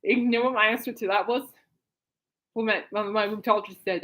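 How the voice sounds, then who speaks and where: A woman's voice: medium pitch, steady tone, fast, fairly bright tone. Woman podcast host, casual giggly rambler, mid-range voice. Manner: giggly, rambling, lots of fillers and restarts. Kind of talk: casual chat.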